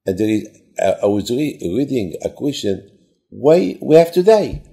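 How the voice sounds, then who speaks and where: Gravelly-voiced man giving a sermon. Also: medium pitch, very animated, dark tone. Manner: halting, repeats words, simple phrasing; asks rhetorical questions.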